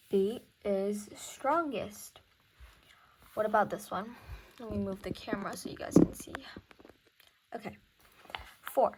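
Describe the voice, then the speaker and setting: A woman's voice: mid-range voice, darkish tone, breathy edge. A young woman teaching music theory in a casual recorded lesson, thinking aloud and counting beats.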